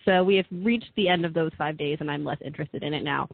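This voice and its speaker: Male co-host, higher pitched, gravelly, dry joking, tinny dry sound. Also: quick pace, no room sound. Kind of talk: casual talk show banter. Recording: dry phone-quality audio.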